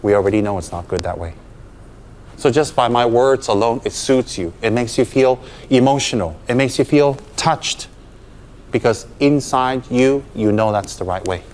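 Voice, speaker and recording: A man's voice: medium pitch, moderate pace, darkish tone, a little hiss or hum. A man, a Buddhist teacher, giving a dharma talk to students, emphatic and full of rhetorical questions.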